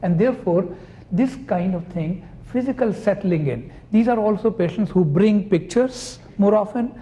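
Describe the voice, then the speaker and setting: A man's voice: high-pitched, moderate pace, mellow, a little hiss or hum. A man, a psychoanalyst, giving an academic lecture and explaining his points patiently through clinical examples.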